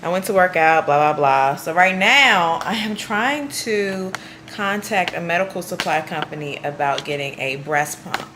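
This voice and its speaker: Lower-voiced woman chatting in a roomy space. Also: a little slow. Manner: amused, exasperated storytelling. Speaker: vlogger. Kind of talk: casual chatty vlog. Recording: roomy, faintly noisy room.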